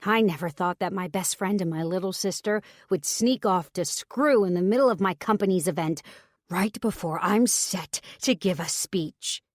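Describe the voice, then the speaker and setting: A woman voicing a furious, protective older brother in an audiobook, speaking low and slow through clenched anger. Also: no room sound, studio quality, lightly acted. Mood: angry.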